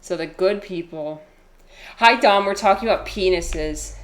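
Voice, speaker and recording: A woman streamer with a slightly low voice, chatting loosely with her viewers while she plays a game. She giggles often, reads comments aloud and pokes fun at herself in an easy, unscripted way. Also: slow pace. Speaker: livestreamer playing a game. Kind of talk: casual live-stream chat.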